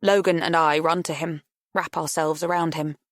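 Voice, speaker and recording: Woman narrator, expressive first-person audiobook read, lowish voice, dry studio sound. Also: normal speed, dry recording.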